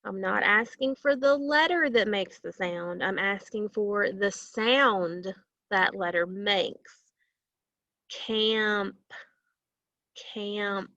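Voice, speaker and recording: Slow, patient woman teaching phonics. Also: medium pitch, sharp tone, no room sound, dull audio. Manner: slow, stretches out sounds and syllables. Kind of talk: phonics lesson for young children.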